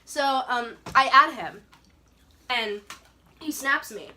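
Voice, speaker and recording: A young woman co-hosting a casual podcast tells a personal story in a fairly high, animated voice with a sharp tone, speaking slowly. She rambles, says "like" constantly, and laughs a lot. There's slight background noise.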